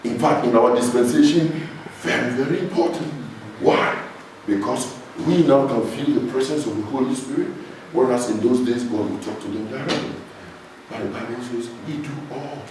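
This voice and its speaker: A man's voice: mid-range voice, normal speed, noisy background. A man with a Ghanaian accent, a pastor preaching an emphatic sermon and calling out questions to his congregation. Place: church hall. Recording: echoey church hall, voice from far off the mic.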